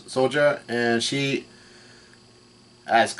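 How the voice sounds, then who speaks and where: Man haltingly recapping a comic. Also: mid-range voice. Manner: halting, full of restarts and fillers, reads quoted lines flatly. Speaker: manga reaction vlogger. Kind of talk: casual recap while reading.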